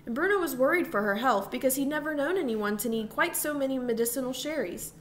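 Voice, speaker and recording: Brief woman narrator, storybook reading, fairly high voice, faint background hiss. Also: animated, quick pace, fairly bright tone. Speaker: audiobook reader.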